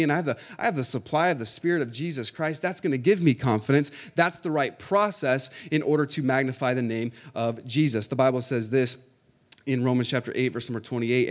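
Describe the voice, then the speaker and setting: A pastor preaching a sermon, building from calm explanation to loud, emphatic passages, with repeated words and calls for the congregation to respond. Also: male voice, mid-range voice. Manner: rising to emphatic, loud preaching with slow stressed phrases; repeats words and uses audience call-outs.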